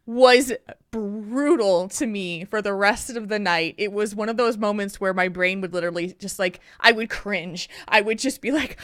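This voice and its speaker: Woman podcast host, bright voice, dry close mic, lively self-mocking storyteller. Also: medium pitch, normal speed, no echo. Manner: animated, self-deprecating storyteller. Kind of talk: casual podcast chat.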